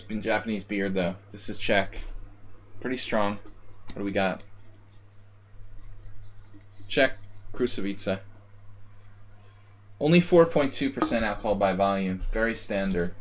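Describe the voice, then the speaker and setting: A man's voice: on the low side, a little hiss or hum. A man streaming live chess analysis, rambling and joking at his own expense while calling out moves, a little tipsy from a beer. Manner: rambling, self-mocking, calls out moves in chess notation.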